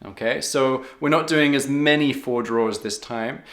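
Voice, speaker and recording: Man, harmonica teacher, patient, counts beats, echoey room, middle pitch. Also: unhurried, a bit bright. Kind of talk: step-by-step music lesson.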